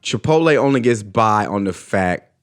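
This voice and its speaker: A man's voice: on the low side, moderate pace, faint music behind. A young man hosting a podcast, chatting casually and riffing on listener questions with slang and lots of repetition. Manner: animated, rambling, riffing with slang and repeated phrases. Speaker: podcast host.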